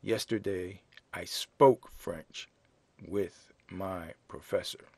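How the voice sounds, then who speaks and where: A man teaching a French lesson in English, explaining grammar slowly and spelling out words letter by letter. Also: deep voice, a little mellow, husky, no room sound. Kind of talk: slow classroom explanation.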